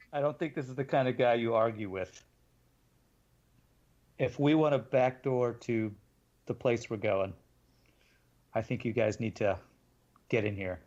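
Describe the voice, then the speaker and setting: Slow-talking man playing a tabletop game. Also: mid-range voice, a little mellow, muffled recording. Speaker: player.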